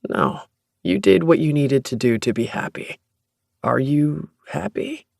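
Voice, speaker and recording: A narrator voicing a gentle young man who brews beer, speaking in a smooth, deep voice with a considerate manner and a gravelly, lively delivery. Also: normal speed, dry recording, studio quality. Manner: warm, considerate, reassuring. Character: gentle young man, proud home brewer. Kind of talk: audiobook narration.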